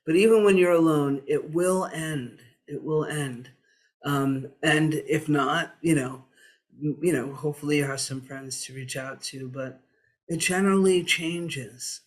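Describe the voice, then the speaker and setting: A man, a diversity activist, speaking in a gentle, unhurried, coaching way about breathing and presence. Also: fairly high pitch. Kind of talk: calm reflective conversation on mindfulness.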